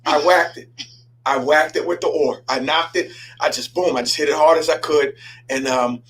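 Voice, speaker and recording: A male pastor hosting his own show and turning a personal story into a sermon. His speaking voice sits a little higher than most men's, and he stammers and doubles back as he gets animated. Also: moderate pace, low-quality recording. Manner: animated, repeats himself and stammers.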